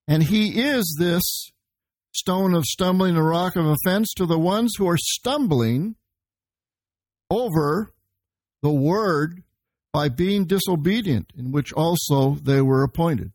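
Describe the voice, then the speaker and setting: A man preaching a verse-by-verse sermon. His voice sits a little high, and he explains the Greek words behind each passage. The sound is close and dry, with almost no room around it. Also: darkish tone, no room sound. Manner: teaching, quoting scripture and Greek words. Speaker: pastor.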